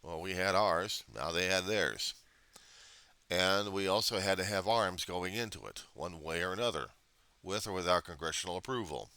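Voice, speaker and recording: A man's voice: sits low, moderate pace, bright, forceful tone, clear, resonant tone, no echo. An American man vlogging a rambling, profane history monologue, full of digressions and self-corrections. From United States.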